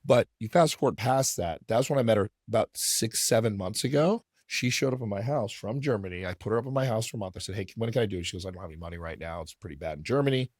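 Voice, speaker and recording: A man's voice: on the low side, expressive, fast, hardly any pauses, a little mellow, no room sound, clean studio sound. A man hosting a podcast, telling a long story in a rambling, casual, profane way. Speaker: podcast host.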